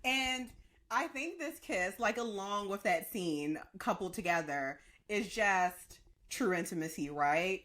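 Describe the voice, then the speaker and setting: A woman co-hosting a podcast in casual chat, gushing and animated as she breaks down scenes. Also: mid-range voice, slow. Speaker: podcast co-host.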